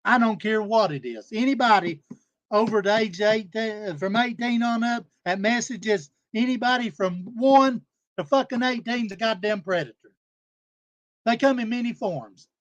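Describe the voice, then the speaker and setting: A speaker delivers a fired-up, cuss-heavy livestream rant, hammering the same points over and over. The voice sits at a middling pitch and sounds dry and close, with no room around it. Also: moderate pace, no echo, muffled recording. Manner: aggravated, profane, repetitive scolding. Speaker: live stream panel host.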